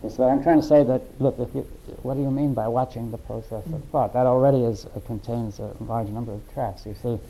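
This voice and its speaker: A man in a philosophical discussion, talking haltingly and often checking in with "right?" and "you see". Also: mid-range voice, fairly even intonation, warm tone, a little hiss or hum, rough recording. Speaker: discussion participant.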